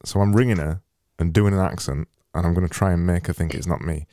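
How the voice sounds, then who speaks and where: A man's voice: low-pitched, quick pace, dark tone, dry recording. A man hosting a casual podcast, chatty and teasing, often repeating himself as he talks. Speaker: podcast host. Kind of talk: casual chat.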